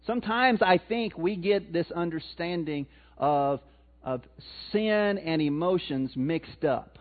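High-voiced preacher, tinny sound. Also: male voice, slow. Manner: conversational preaching with questions to the congregation. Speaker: pastor. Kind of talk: sermon.

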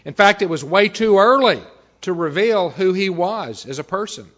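A man preaching a sermon as a pastor, reading scripture and often dropping to a quiet, measured delivery. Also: high voice, animated. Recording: dull, slightly lo-fi recording.

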